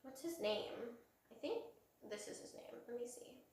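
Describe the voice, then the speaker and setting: A woman's voice: fairly high pitch, lively intonation, moderate pace, a little mellow. Young woman, casual gossip, giggly storyteller, echoey room, distant mic. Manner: chatty storytelling, lots of "like", giggly. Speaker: podcast co-host.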